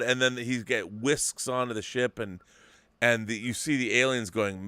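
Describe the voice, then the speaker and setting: A man in his fifties hosting a casual talk show, telling a story with excitement and many restarts. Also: medium pitch, normal speed, clear, resonant tone, no echo. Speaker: host. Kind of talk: casual podcast chat.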